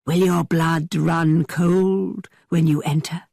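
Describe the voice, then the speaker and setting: A woman voicing a teasing young man who tells spooky tales in a dramatically low voice. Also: fairly even intonation, takes it slowly, creaky, no echo, studio quality, full character voice. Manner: dramatically low, hushed storytelling.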